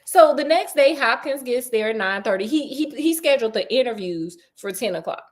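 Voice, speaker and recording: A woman's voice: a little high, expressive, a little fast. A woman retelling a classic detective story in a casual, slangy, joking way with playful asides.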